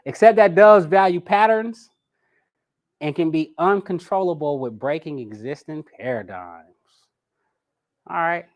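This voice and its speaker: A man teaching a live personality class in a lively way, talking straight to his audience. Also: on the high side, unhurried, long pauses. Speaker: personality coach.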